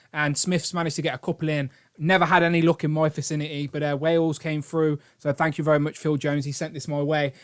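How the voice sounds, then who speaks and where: A British man hosts a toy-collecting live stream, his voice a little high with a fairly bright tone. He rambles and jokes in casual chat, reading out donations and thanking donors.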